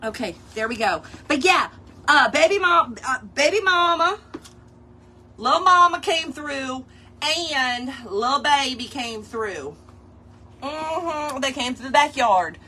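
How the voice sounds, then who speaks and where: A woman's voice: high-pitched, expressive, takes it slowly, bright, forceful tone. A woman hosting a casual craft tutorial, chatting playfully with her viewers as she works. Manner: playful, chatty, talks straight to viewers and chat, laughs often.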